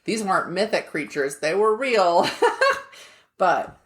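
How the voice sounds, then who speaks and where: Low-voiced chatty middle-aged woman. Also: lively intonation, slow pace, a crowd in the background. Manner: chatty, laughs often, trails off mid-sentence. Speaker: podcast co-host. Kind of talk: casual chat.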